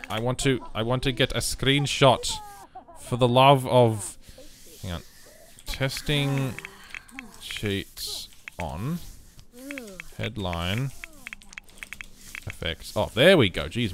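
A man casually commenting on his life-simulation game, rambling and breaking into sudden excited outbursts. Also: medium pitch, slow pace, long pauses, slight background noise. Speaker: let's play host.

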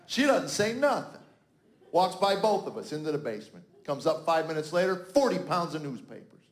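High-voiced man in his fifties, stand-up. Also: very animated, fairly quick. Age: 50s. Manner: acts out family dialogue, exasperated dad. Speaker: stand-up comedian. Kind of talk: stand-up storytelling. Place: stage before a live audience. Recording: roomy live venue sound.

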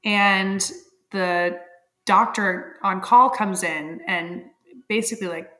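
A woman's voice: on the low side, steady tone, measured pace, fairly bright tone. A woman in her thirties, a podcast guest, telling a personal story candidly and with feeling, laughing often and using many fillers.

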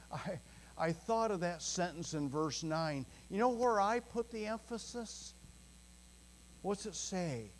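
A male pastor preaching a sermon in a church, earnest and emphatic, chuckling softly now and then and moving between slow, weighty phrases and quick bursts. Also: fairly high pitch, slight background noise, poor audio. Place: church sanctuary.

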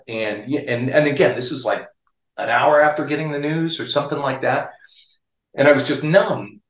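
A man tells a personal story as an interview guest, his voice at a middle pitch. He restarts sentences often and keeps a chatty flow. The room around him adds a noticeable echo. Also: moderate pace, a bit bright. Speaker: guest, guitar magazine writer.

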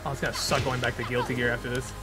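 A woman streaming a fighting game live from her desk at home, excitable and swearing, breaking into yelps and shouts, with game music behind her. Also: a bass voice, racing. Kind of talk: live gaming stream commentary.

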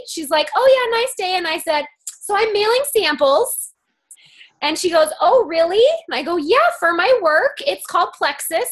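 Young adult woman, peppy sales coach, fairly high voice, acts out dialogue as she tells stories. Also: a bit bright. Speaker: guest speaker on a sales team call. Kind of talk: casual coaching talk.

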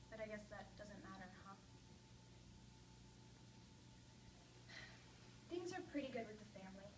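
A woman's voice: fairly high pitch, a little hiss or hum, close to an everyday voice. A teenage girl performing a monologue as a grieving young mother speaking at her father's grave, tender and reminiscing. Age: late teens. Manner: tender, reminiscing, rising to anguished outbursts. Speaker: student performer. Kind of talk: oral interpretation monologue. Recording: echoey room, mic at a distance.

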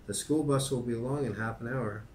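A man's voice: medium pitch, a little fast, echoey room, a little hiss or hum, pitched above the performer's own voice, lightly acted. A man playing a firm farm mother. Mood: scolding.

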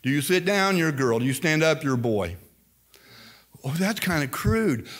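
A man's voice: a little high, moderate pace. An older man from Indiana with a slight Southern-sounding accent, preaching an emphatic sermon as pastor. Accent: slight Southern-sounding American. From Indiana, USA. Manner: emphatic, animated preaching with quoted asides.

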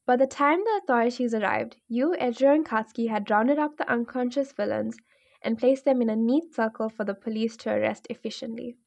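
A woman narrating a second-person fan fiction story in a smooth, even storytelling manner. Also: fairly high pitch, a little fast.

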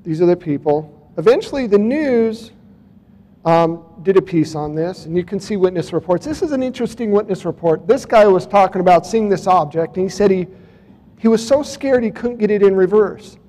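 A man's voice: high-pitched, lively intonation, moderate pace, mellow. A man telling a personal story to a conference audience in a casual, wry way. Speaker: conference speaker. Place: large conference hall. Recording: long reverb of a conference hall.

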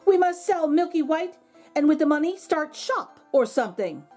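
A woman's voice: high voice, animated, moderate pace, a little mellow, soft background music, pitched above the performer's own voice. A woman voicing a poor widowed mother who scolds her son indignantly, in a storybook reading. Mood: pleading.

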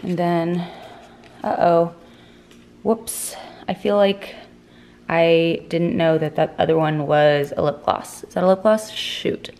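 A young woman chatting casually to her camera in a vlog, slangy and quick with asides. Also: lowish voice, steady tone, darkish tone. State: out of breath after a workout. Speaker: vlogger.

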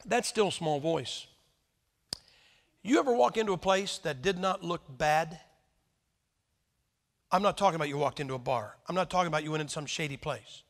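Fairly quick and a bit bright, this sixty-something man's voice sits at a fairly high pitch. He preaches a folksy sermon, cracking jokes and firing rhetorical questions at the congregation, all captured with long hall reverb.

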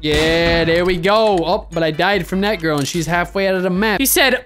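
A young adult woman giving slangy, trash-talking gameplay commentary. She swings between low, scheming mutters and loud, excited outbursts. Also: moderate pace, few pauses, faint music behind. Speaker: gaming video creator.

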